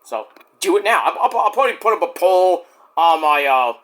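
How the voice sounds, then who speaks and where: A man's voice: high-pitched, big pitch swings, brisk, a bit bright. A man reviewing a wrestling show in casual, rambling, profane chat. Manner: rambling, profane, many fillers.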